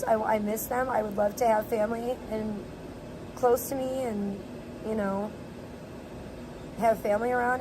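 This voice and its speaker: Woman venting on a noisy phone livestream. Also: fairly high pitch. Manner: venting, rambling with many fillers. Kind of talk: casual IRL livestream chat. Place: outdoors then moving indoors at home.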